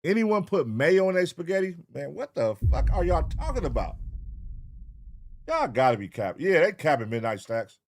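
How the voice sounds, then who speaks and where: A man hosting a casual livestream reaction show, talking with profanity and calling out viewer names in an animated roll call. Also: a little high, moderate pace. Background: hip hop music.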